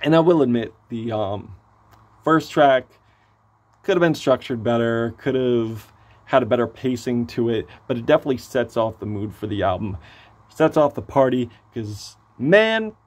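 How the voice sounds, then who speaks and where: Hoarse, excitable man reviewing music. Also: medium pitch, unhurried. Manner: excitable, swears, gushing praise. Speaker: album reviewer. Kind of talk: casual enthusiastic review.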